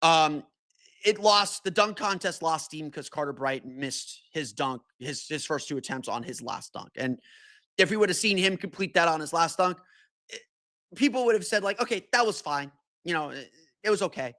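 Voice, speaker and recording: A man's voice: a little high, normal speed, bright, forceful tone, no room sound. A man hosting a solo sports podcast, talking casually with many restarts and fillers. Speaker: podcast host.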